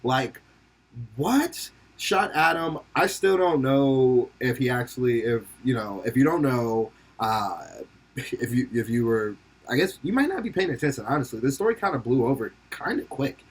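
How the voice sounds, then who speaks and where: A man's voice: medium pitch, lively intonation, normal speed, breathy edge. A young man hosting a podcast, rambling and joking in casual commentary, laughing often and swearing freely. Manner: slips into silly put-on voices for quotes. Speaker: podcast host.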